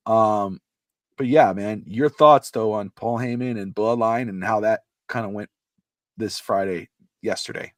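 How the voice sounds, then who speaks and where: Low-ish guy chatting on a podcast, rambles a lot, dry mic. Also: unhurried, no room sound. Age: adult with a child. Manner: rambling, animated, acts out quotes. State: throat irritated, coughing. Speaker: podcast co-host. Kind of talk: casual podcast chat.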